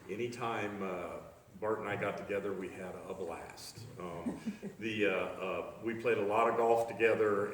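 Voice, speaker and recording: A man giving halting memorial remarks about a friend, with many fillers. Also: on the low side. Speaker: eulogy speaker. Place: outdoor memorial service. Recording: echoey hall from far off, faint noise.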